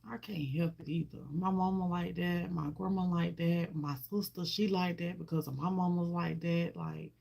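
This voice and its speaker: A woman's voice: fairly low pitch, fairly even intonation, moderate pace, gravelly, hardly any pauses, darkish tone. A woman, chatting on a livestream and greeting viewers, talking emotionally and heartfelt, often repeating herself. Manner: talks to viewers and greets them by name. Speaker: vlogger. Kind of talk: casual livestream chat.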